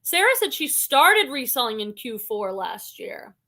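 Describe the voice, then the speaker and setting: A woman's voice: sits high, sing-song, a little slow, pushed and bright. A woman hosting a casual live stream, reading viewer comments aloud and chatting about them. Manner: chatty, reads comments aloud then reacts.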